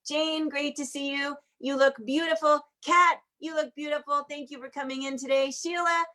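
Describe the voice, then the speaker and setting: A woman's voice: high voice, fairly even intonation, moderate pace. A woman hosting an online show, closing it with chatty compliments for each person on the call. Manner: warm repetitive compliments, chatty. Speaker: host. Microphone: video call.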